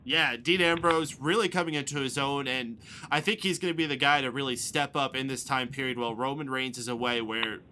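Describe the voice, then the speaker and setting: A man's voice: mid-range voice, fairly quick, hardly any pauses, a little hiss or hum. A man hosting a live call-in wrestling podcast, reading out listener comments and welcoming callers in an upbeat way. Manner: upbeat, reads listener comments and shout-outs. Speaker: podcast host.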